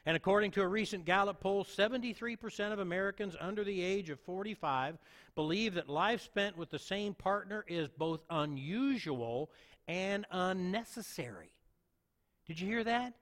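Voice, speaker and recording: A man with a notably high voice preaches a sermon as a pastor, earnest and emphatic, circling back to repeat his key points. His words ring out with a long reverb, like a big sanctuary. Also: lively intonation, moderate pace, a bit bright.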